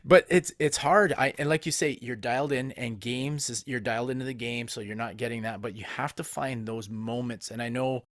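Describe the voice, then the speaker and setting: Co-host: male assistant coach, chatty and animated, mid voice, dry recording. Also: medium pitch, normal speed, hardly any pauses, no echo. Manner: laughs easily, chatty and animated. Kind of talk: casual podcast conversation.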